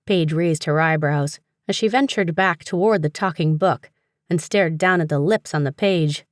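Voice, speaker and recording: A woman reading a humorous fantasy audiobook in a steady, even storytelling manner. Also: low-pitched, moderate pace, no room sound, studio quality. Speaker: audiobook narrator. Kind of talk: scripted narration.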